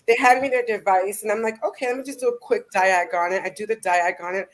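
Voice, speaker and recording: A woman who runs a repair shop, telling an animated story on a casual video call. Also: mid-range voice, fast talker, rough recording. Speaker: shop owner. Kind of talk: casual panel chat.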